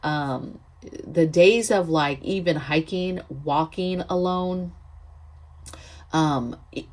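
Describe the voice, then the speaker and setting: A woman with a lowish, slightly mellow voice hosts a prepping vlog. She tells a story in a chatty, emphatic way, often checking in with viewers through frequent "okay?" asides.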